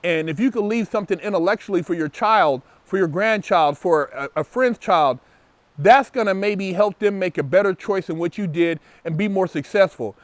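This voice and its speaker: A show host with a high-pitched voice answers viewer comments in a casual, emphatic and opinionated monologue, repeating words when he gets fired up. He speaks at normal speed, and there's no room sound.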